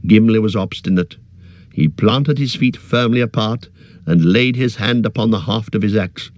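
A man reading a fantasy novel aloud in a steady, unhurried storytelling manner. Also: lowish voice, no echo. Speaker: audiobook narrator. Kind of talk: scripted narration.

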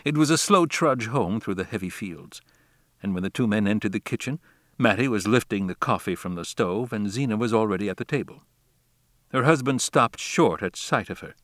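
A man narrating a classic novel as an audiobook, in a measured, deliberate reading style. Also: medium pitch, a bit bright, no echo, studio quality.

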